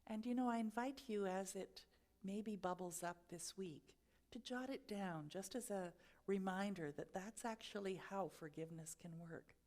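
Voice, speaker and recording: A woman giving a sermon at a spiritual centre, telling a personal story in a reflective, gently guiding way and laughing at herself now and then. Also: medium pitch, moderate pace. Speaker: spiritual speaker.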